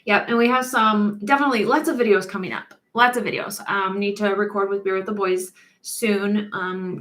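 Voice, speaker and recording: A woman hosting a relaxed live stream as a mortician, her voice sitting at an everyday middle pitch. She chats in a loose, rambling way, full of small pauses and restarts, and often breaks into light laughter between thoughts. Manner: rambling with frequent ums and restarts. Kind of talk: casual live-stream chat.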